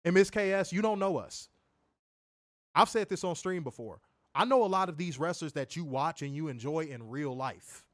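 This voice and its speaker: A man co-hosting a wrestling review stream, answering viewer comments in casual, animated chat. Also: fairly high pitch, moderate pace, dry recording, studio quality. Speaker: wrestling show co-host.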